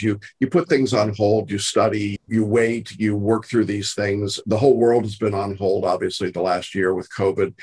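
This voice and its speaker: A man interviewing a guest, asking questions in a supportive, measured way. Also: lowish voice, a little mellow, slightly rough.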